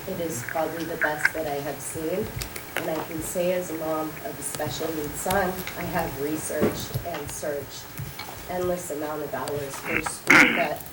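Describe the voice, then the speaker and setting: A mother who is under the weather giving a grateful, emotional public comment, halting as she speaks. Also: sits low. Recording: roomy hall, distant from mic, loud noise.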